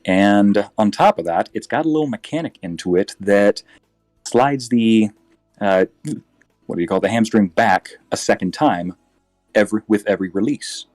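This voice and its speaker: Low-voiced male game master. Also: moderate pace, dry recording, faint music behind. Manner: relaxed, with frequent filler and self-corrections. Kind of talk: narrating a tabletop game.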